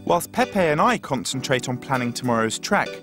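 A man presenting and narrating an expedition documentary in a measured, steady way. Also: mid-range voice. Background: background music.

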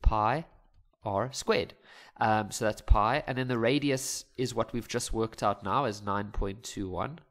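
A man's voice: on the low side, unhurried. Chatty, self-mocking male maths teacher. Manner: chatty, jokes and laughs at himself. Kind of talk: casual maths lesson over worked examples.

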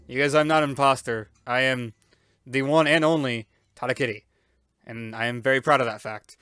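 A gaming YouTuber doing let's-play commentary, loud and excitable, with playful yelps, silly noises and sound effects. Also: mid-range voice, fairly quick, dry recording.

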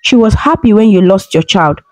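A woman voicing a loving mother who speaks in a gentle, reassuring way. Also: medium pitch, lively intonation, moderate pace, close to an everyday voice, low-quality recording. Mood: comforting.

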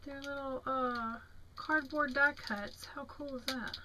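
A woman's voice: high-pitched, steady tone, noisy background. A young woman with a Southern American accent, tired, chatting admiringly as she shows off craft mail at home. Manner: chatty, admiring, slow and drawn-out. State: tired, yawning. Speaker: crafting vlogger. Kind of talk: casual show-and-tell of craft mail.

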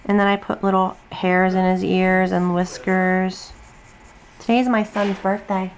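Worn-out, chatty middle-aged woman host, mid-pitch with some fry, easygoing tutorial talk. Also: flat delivery, unhurried, a little hiss or hum. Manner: rambling, chatty, many ums and asides. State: tired. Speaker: craft video host. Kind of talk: casual drawing tutorial. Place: home desk. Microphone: camera on tripod at desk.

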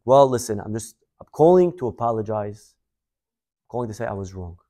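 A man's voice: fairly low pitch, expressive, fairly quick, warm tone, natural voice. A man voicing a brash man who is curt and dismissive. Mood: apologetic. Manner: brusque, then contrite. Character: brash man who later apologizes humbly.

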